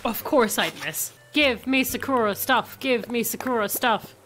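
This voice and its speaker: A young woman streamer giving excitable game commentary, swinging from loud shrieks to low mumbles and swearing freely. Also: unhurried, faint music behind. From United States.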